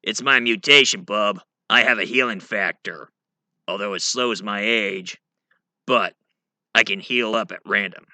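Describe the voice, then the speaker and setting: A man doing a gruff clawed mutant brawler. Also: lowish voice, unhurried, bright, forceful tone, no room sound, heavily acted. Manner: gruff, calls people "bub". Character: gruff clawed male mutant fighter, tough loner.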